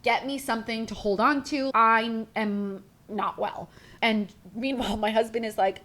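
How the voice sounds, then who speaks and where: A woman's voice: medium pitch, moderate pace. Chatty woman podcast host telling a story. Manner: animated, chatty, acts out quotes with frequent "like". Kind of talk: personal storytelling.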